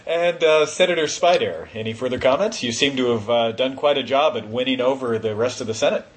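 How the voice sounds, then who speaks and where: A man moderating a panel discussion, relaxed and quick to laugh, using plenty of fillers. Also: mid-range voice.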